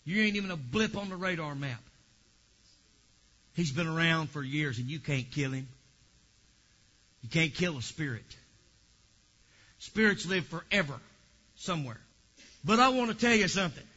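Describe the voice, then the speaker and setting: A man preaching a fervent Pentecostal sermon, swinging from quiet asides to shouted praise. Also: a little high, animated, moderate pace, pauses often, muffled recording.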